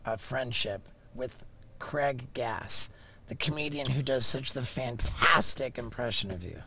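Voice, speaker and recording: A man's voice: medium pitch, measured pace, creaky, pushed and bright. A man hosting a podcast, asking eager, admiring questions in casual chat. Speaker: podcast host.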